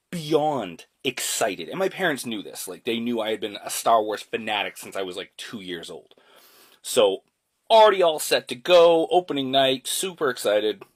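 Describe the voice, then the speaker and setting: Man, 40s, husky voice, lively delivery, loose casual storyteller. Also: medium pitch. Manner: chatty, loose, swears casually.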